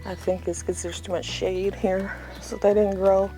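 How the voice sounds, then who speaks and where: A woman's voice: mid-range voice, flat delivery, normal speed, warm tone, faint music behind. A woman giving a casual, unscripted tour of her front yard garden, chatty and rambling with self-deprecating asides, filmed outdoors on a phone.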